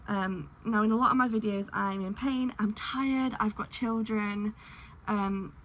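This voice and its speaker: A woman's voice: mid-range voice, steady tone, unhurried, lo-fi sound, a little hiss or hum. A woman chatting casually in a vlog, rambling and candid with lots of ums. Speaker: crochet vlogger.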